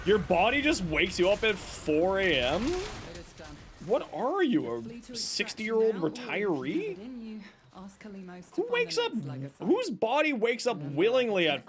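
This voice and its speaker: A man's voice: high voice, big pitch swings, measured pace, a crowd in the background. A man streaming a game live, chatting casually and jokingly with his viewers. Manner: chatty, joking, talks to chat and his cat. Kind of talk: casual livestream chat while gaming.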